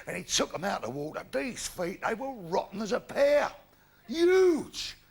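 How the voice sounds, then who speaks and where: A man's voice: high voice, sing-song, moderate pace, creaky. A man doing brash, rude stand-up comedy on stage before a live audience. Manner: brash, rude storytelling with coarse punchlines.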